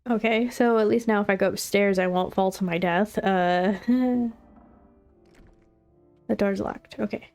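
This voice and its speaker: A woman's voice: medium pitch, fairly even intonation, measured pace, long pauses, a little mellow, faint music behind. A woman chatting casually and joking to herself as she plays a video game. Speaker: gameplay commentator. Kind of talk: casual gameplay commentary.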